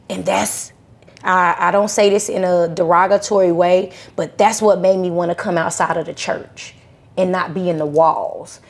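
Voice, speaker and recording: Podcast guest, woman, animated storyteller who acts out the voices in her stories. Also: medium pitch. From Charlotte, North Carolina. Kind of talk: conversational storytelling interview.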